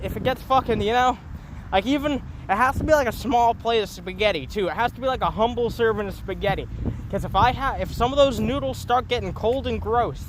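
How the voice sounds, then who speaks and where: A man's voice: high voice, fairly bright tone, a little hiss or hum. A young man ranting into his phone on a solo livestream, rambling, profane and mocking himself. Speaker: streamer.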